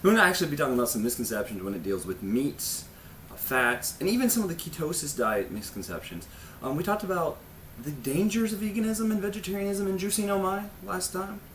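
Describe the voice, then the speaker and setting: A man hosts a casual health vlog, and his pitch rises and falls a lot as he talks. He is awkward and pokes fun at himself, drifting into jokey asides. A faint room hum sits behind his voice. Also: lively intonation, quick pace, a bit bright. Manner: awkward and self-mocking. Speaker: host of a health ministry channel.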